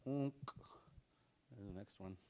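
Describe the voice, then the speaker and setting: With a voice on the low side, a man guides a casual language lesson, carefully slowing down on words and repeating them for the class.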